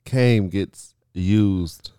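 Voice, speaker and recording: A man's voice: low-pitched, drawn-out words, dark tone. A man hosting a podcast in casual chat, laughing often and easygoing. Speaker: podcast host.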